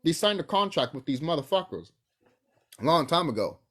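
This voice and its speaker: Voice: mid-range voice, big pitch swings, brisk, a bit bright. A young adult vlogger talking casually to camera in a profane, rambling rant full of fillers.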